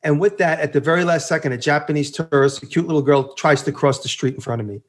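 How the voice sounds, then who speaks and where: A man telling casual stories as a podcast guest, animated, swearing freely and acting out the people in them. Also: a little high, fast. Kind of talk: casual storytelling.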